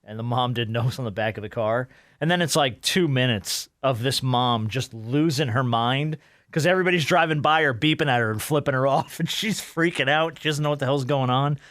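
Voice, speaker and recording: A man co-hosting a casual sports podcast, animated, laughing often and swearing casually. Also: mid-range voice, a little fast, no echo, studio quality. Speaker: podcast co-host.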